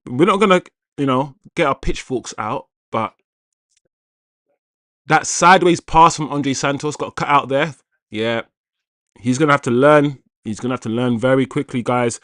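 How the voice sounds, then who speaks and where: A man hosting a live football watchalong, reacting to the play and shouting out viewers. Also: medium pitch, moderate pace, dry recording, studio quality. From Jamaican heritage. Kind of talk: live match commentary and chat.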